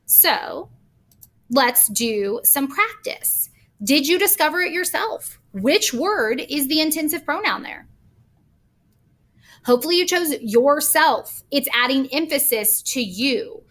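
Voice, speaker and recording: A woman's voice: sits high, lively intonation, slow, a bit bright. A woman teacher recording a grammar lesson, patiently explaining with examples step by step.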